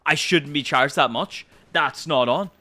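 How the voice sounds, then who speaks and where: A whiny, entitled customer protests that nothing is his fault, as an Irish man mimics him in a story. The voice is bright and complaining. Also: fairly high pitch, measured pace. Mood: indignant. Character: indignant entitled male phone customer.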